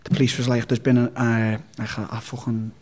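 A man's voice: medium pitch, flat delivery, fairly quick, darkish tone. A man with a Liverpool accent, telling a personal story as an interview guest in a blunt, sweary, rambling way. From Liverpool, England. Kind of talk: casual storytelling.

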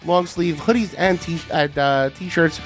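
A man's voice: a little high, measured pace, soft background music. A man co-hosting a casual comedy podcast, reading plugs in a laid-back, joking way. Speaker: podcast co-host. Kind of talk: casual chat.

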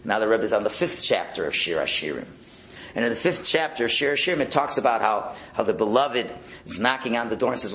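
A man teaching a Torah lesson as a sermon, telling stories in an animated way and acting out the voices in them. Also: on the low side, quick pace, poor audio. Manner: animated storyteller, acts out the voices in his tales. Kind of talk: storytelling sermon.

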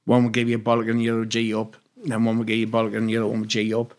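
A man's voice: lowish voice, monotone, rapid-fire. A man from Newcastle with a Geordie accent, a former footballer telling rambling, sweary stories in a casual interview. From Newcastle, England. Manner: blunt, swears freely, rambling anecdotes.

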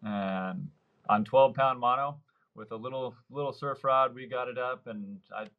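A man in his thirties spins a casual story as a podcast guest, slipping into the voices of the people in it. His voice sits at an ordinary middle pitch. The audio is a touch dull and lo-fi. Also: measured pace. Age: 30s. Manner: lively storyteller, acts out quoted dialogue. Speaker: surf fishing guide, podcast guest.

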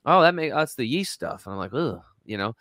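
A man's voice: mid-range voice, fairly quick, no room sound, clean studio sound. A man in his forties, a guest in an interview, telling a story with lots of energy and acting out what people said. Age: 40s. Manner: energetic, acts out quotes.

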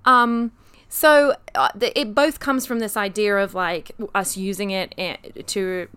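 A woman with a British accent chats casually, co-hosting and explaining where words come from. Her voice is bright and sharp, and her tone is smooth and crisp. She leans on fillers and giggles often. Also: mid-range voice, fairly even intonation, unhurried. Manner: chatty, with frequent fillers and giggles. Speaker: podcast co-host. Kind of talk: casual chat explaining word origins.

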